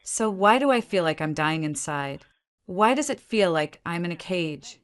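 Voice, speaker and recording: A woman's voice: on the low side, animated, normal speed, clear, resonant tone, close to an everyday voice. A woman reading as an anxious young wife. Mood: distressed.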